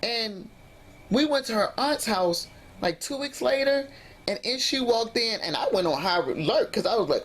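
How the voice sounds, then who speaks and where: A woman vlogger telling a personal story in an animated, emphatic way, acting out what people said. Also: on the high side, moderate pace. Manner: animated, emphatic retelling with acted-out quotes. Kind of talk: casual storytelling vlog.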